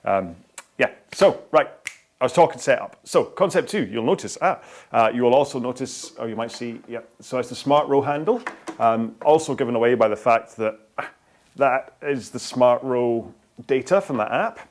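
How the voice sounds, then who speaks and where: A man's voice: mid-range voice, expressive, moderate pace. A man hosting a live rowing workout stream, talking in a chatty, rambling way with lots of fillers and restarts.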